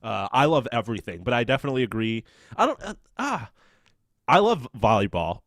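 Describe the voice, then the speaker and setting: A man's voice: mid-range voice, big pitch swings, a little fast, fairly bright tone, dry recording, studio quality. A man co-hosting a casual sports podcast, rambling and swearing with many restarts. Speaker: podcast co-host.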